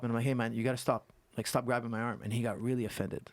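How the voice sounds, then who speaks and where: A man who is a guest coach on a podcast, telling stories and explaining technique in an animated way that repeats points for emphasis. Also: mid-range voice, rapid-fire, hardly any pauses, dry recording. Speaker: guest martial arts coach. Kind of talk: casual podcast conversation.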